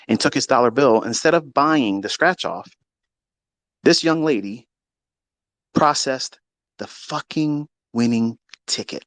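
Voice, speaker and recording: A man hosting a live audio chat, telling a long story in a profane, mocking, animated way. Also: medium pitch, measured pace, pauses often, no room sound. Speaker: Twitter Space host. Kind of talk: casual storytelling rant. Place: lives in Maryland.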